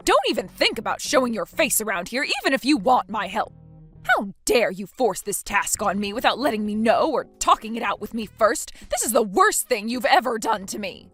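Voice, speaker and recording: A woman's voice: a little high, big pitch swings, a little fast, a bit bright, soft background music. A synthetic female voice playing an indignant friend who scolds with pointed questions. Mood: accusing. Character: indignant woman friend, accusing and shrill.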